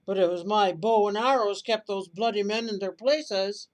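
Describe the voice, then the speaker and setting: A woman voicing a quarrelling archer thief who shouts boastfully. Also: mid-range voice, moderate pace, lightly acted, low-quality recording.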